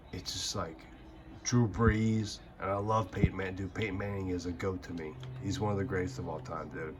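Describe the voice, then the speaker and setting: A young man with a low-pitched voice plays through a football video game and rants about players in a heated, rambling, heavily profane way. His voice stays casual but keeps getting fired up. A faint room hum sits under the recording. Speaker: gaming channel host. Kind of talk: casual gaming commentary rant.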